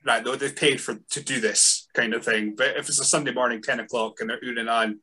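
Man, bright tone, halting casual talker. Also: mid-range voice, fairly even intonation, husky. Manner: halting, many restarts. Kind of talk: casual chat.

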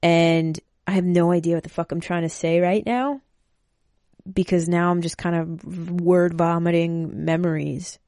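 A woman's voice: fairly low pitch, steady tone, unhurried, dark tone, no room sound, clean studio sound. A woman speaking casually and emotionally, rambling and swearing freely as she talks to her listeners. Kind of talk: casual personal talk.

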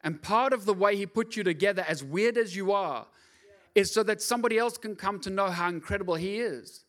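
A middle-aged man preaching a lively, joking sermon as pastor, often acting out voices in his stories. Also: sits high, a little fast. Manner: animated, jokey, acts out voices.

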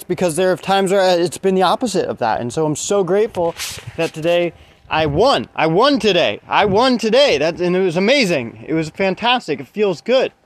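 A man's voice: on the high side, rough recording. A man talking through a casual, reflective monologue, earnest and rambling, with many restarts.

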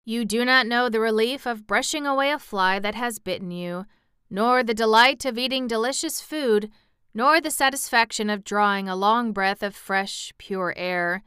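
A woman's voice: on the high side, moderate pace, bright, forceful tone, clear, resonant tone, dry recording, clean studio sound, pitched above the performer's own voice. A woman voicing a proud, boastful male cab horse who talks down with pity. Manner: haughty, pitying.

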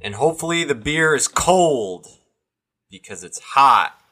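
Lively joking man co-hosting. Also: medium pitch, unhurried. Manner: joking, playfully grumbling. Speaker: podcast co-host. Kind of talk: casual beer podcast chat.

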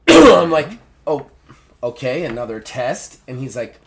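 A man's voice: mid-range voice, normal speed. A man hosting a podcast, telling a story casually and acting out the people in it. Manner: animated storyteller acting out dialogue. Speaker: podcast host. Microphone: podcast mic.

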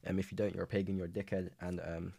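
A man's voice: sits low, level tone, racing, gravelly, dark tone, slightly rough. A young man from England, hosting a casual solo podcast, rambling and swearing with lots of energy. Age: young adult. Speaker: podcast host. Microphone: podcast microphone.

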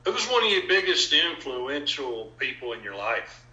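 A man hosts a casual interview and chimes in with brief supportive comments. His voice is bright and mid-pitched. The recording is muffled and echoes around the room. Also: sing-song, normal speed. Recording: dull, roomy sound.

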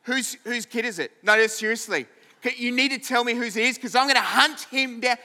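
A man's voice: very high voice, brisk, bright, forceful tone, in a large hall, exaggerated voice. A man voicing Joseph, a young husband who questions bluntly and confronts his bride. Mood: suspicious. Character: young husband Joseph, suspicious then angry.

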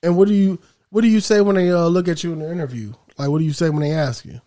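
Young man, slightly high voice, rambling slangy banter with friends. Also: quick pace, dark tone. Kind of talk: casual group chat.

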